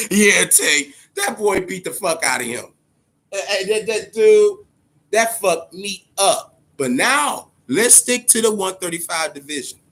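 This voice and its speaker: A man riffing casually on boxing news with a profane, animated storytelling manner. His voice sits a touch higher than most men's. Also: unhurried. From Ohio, USA. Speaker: boxing commentator.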